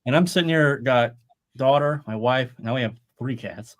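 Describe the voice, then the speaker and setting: A man's voice: medium pitch, normal speed. Rambling, swearing middle-aged man. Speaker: podcast co-host. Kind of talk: casual chat.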